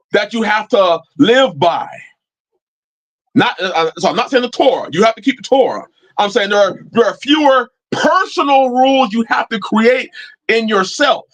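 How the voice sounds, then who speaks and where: Brief: male stream host, loose and joking Bible talk, high pitch that swings widely. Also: a bit bright, rough recording. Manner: loose, joking, swears casually, laughs often; acts out his prayers in a lower voice. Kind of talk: casual Bible teaching.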